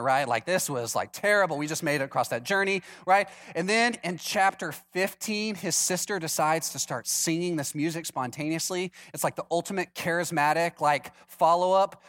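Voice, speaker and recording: A male pastor preaches a lively, humorous sermon, acting out the people in his story with different voices. His voice sits high, with a moderate pace and hardly any pauses.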